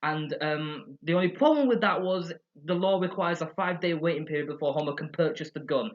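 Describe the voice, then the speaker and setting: A man with a slightly raised voice talks through an episode in a chatty, energetic way. He is recorded on his computer's webcam at home, and the sound is a little muffled and dull. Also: on the high side, brisk. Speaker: episode reviewer. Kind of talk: casual chat.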